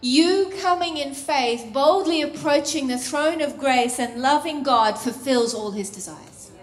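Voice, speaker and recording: Slow, high-voiced woman preacher, roomy. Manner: expressive, breaks into laughter and sung phrases. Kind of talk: sermon.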